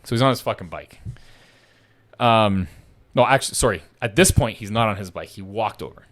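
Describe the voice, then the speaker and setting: A man's voice: on the low side, a little fast. A man casually telling a long story on a podcast, swearing a lot and repeating himself as he goes. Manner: profane, animated, repeats himself.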